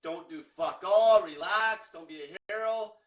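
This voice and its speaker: A man's voice: sits high, measured pace, fairly bright tone, recorded from a distance. A man coaching viewers in a blunt, combative rant full of swearing. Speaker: diet coach. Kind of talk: profane motivational rant. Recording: echoey room, off-mic.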